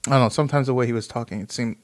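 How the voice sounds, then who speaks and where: Racing along in a medium-pitched voice, a man reads an article out loud and reacts to it in a rambling, profane, casual chat.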